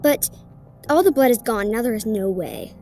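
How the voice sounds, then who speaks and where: A woman's voice: on the high side, lively intonation, moderate pace, warm tone, faint music behind. A woman voicing an evil male corpse who commands, hisses and cackles menacingly in a spoken ghost story. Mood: gloating.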